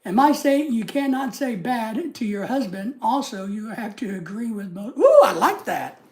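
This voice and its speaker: A man's voice: sits high, normal speed, darkish tone. An American man hosting a livestream, chatting casually and reading out and greeting viewer comments from his home desk. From United States. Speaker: livestream host. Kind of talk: casual live chat.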